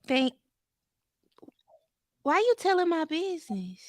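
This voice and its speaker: A playful woman co-hosts a casual podcast, bantering and acting mock-offended. Her voice is high and very expressive. The recording sounds close and dry. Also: takes it slowly, no echo. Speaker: podcast co-host. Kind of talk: casual chat.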